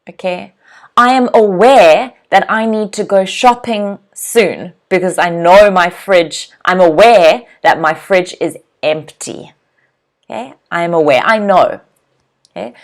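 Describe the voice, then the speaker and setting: A woman running a live online English lesson, drilling pronunciation with lively, clear repetition. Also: mid-range voice. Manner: animated, clearly drills pronunciation, laughs often. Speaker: English teacher.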